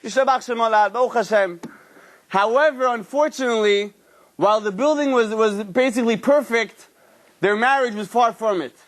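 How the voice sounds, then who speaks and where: Man, rabbi, high voice, animated storytelling lecture. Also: moderate pace. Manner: animated storyteller acting out characters. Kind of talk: storytelling Torah class.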